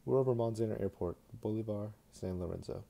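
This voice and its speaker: A man's voice: fairly low pitch, a little fast, creaky, mellow. A man doing a polite insistent stewardess. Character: polite young female airline stewardess.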